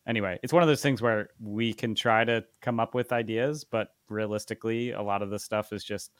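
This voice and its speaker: A man co-hosting a podcast in casual chat, relaxed and thinking aloud with lots of fillers. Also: lowish voice, brisk, clean tone, no echo. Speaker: podcast co-host.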